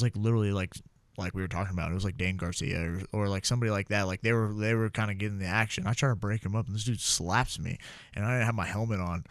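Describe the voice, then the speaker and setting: Brief: young american guy, low voice, dry close sound, rambling salty storyteller. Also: dry recording. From United States. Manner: laid-back, profane, filler-heavy. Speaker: podcast guest, former Marine. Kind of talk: casual storytelling.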